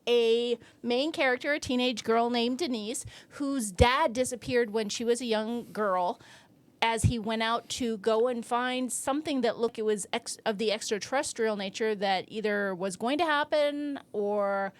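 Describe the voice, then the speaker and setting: A woman's voice: a little high, measured pace. A woman co-hosting a movie podcast in casual chat, recapping the plot loosely with restarts. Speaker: podcast co-host.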